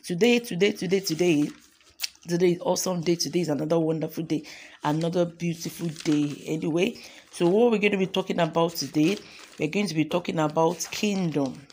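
Devotional host, morning sermon, fervent affirmations, creaky gravel in the voice. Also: mid-range voice, a little fast, a little mellow. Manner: fervent, repetitive, calls for affirmations.

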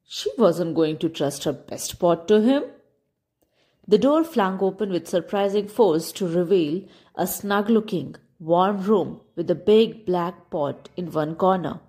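A woman's voice: on the low side, measured pace. A woman reading a children's story aloud as storyteller, speaking to the kids. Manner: expressive, addressing kids.

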